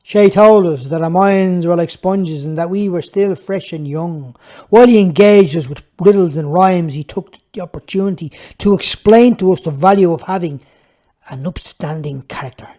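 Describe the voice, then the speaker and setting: A man's voice: high voice, moderate pace, mellow. A man reading his own book aloud, telling the story in a plainspoken, reflective way. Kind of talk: audiobook narration.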